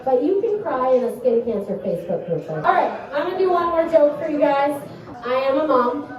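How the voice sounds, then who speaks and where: A woman's voice: high voice, very animated, lo-fi sound. Rambling woman doing stand-up. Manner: rambling, self-deprecating, halting storytelling. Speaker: comedian. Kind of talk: stand-up comedy set. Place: small comedy club stage. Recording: echoey club heard from a distance.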